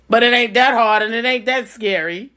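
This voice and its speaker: A woman's voice: on the high side, sharp tone. A middle-aged woman and business owner giving casual advice straight to camera, blunt and emphatic, coming back to her points again and again.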